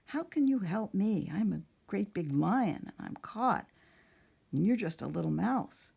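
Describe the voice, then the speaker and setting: A woman voicing a great big male lion caught in a net, doubting a small helper, in a gentle storybook voice close to her own. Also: mid-range voice, animated, unhurried, vocal fry, slightly rough, exaggerated voice. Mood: doubtful.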